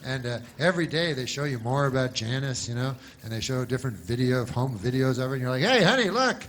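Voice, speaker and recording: A man telling a meandering stand-up story in a deadpan way, full of asides. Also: mid-range voice, fast, a little hiss or hum. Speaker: stand-up comedian.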